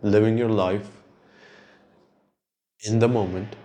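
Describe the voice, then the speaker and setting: A man's voice: lowish voice, fairly even intonation, slow pace, warm tone. A young man hosting a podcast, talking in a reflective, rambling monologue and swearing casually. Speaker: podcast host.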